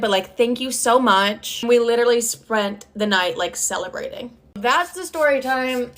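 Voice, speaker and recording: A woman's voice: mid-range voice, fairly bright tone. A woman telling a personal story in a casual, blunt way, swearing freely and stressing her words.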